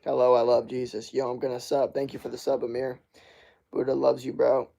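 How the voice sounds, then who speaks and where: A young male streamer with a gravelly, fry-touched voice, talking loosely and swearing as he riffs on chat messages. His pitch sits in an ordinary middle range. He keeps the tone of casual live chat throughout. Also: flat delivery, fairly quick, mellow.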